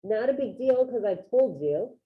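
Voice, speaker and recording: A woman's voice: on the high side, animated, moderate pace. Woman teaching over a tinny call. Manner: upbeat, encouraging, calls on students by name. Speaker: Spanish teacher. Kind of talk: online classroom lesson. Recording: tinny phone-like video call audio.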